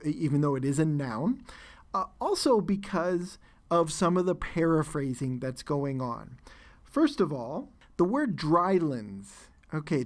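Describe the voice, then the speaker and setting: Man, test-prep teacher, measured explanatory delivery, frequent uh fillers. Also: fairly high pitch. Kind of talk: exam listening lesson.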